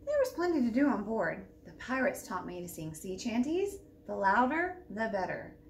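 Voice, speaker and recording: A woman librarian reads a picture book aloud for children, lively and expressive in her delivery. Her voice sits a bit high, and the library room gives it an echo, caught from a distance with a faint hum behind. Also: normal speed. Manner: lively, expressive storybook narration. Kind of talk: children's storytime read-aloud.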